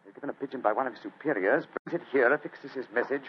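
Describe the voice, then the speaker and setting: An actor playing a shrewd, calm male detective who reasons aloud crisply in an old radio drama. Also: mid-range voice, rapid-fire, natural voice. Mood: measured. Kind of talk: 1950s radio drama acting. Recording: muffled old radio recording with hiss.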